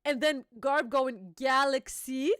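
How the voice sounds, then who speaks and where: A woman hosting a casual reaction chat, excitable, swearing freely and laughing often. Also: high-pitched, fairly quick, dry recording, clean studio sound. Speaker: host.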